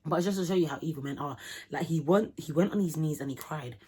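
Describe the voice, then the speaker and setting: A young woman telling a vlog storytime in animated, slangy talk, acting out the people in it. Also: low voice, quick pace, breathy edge. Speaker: vlogger.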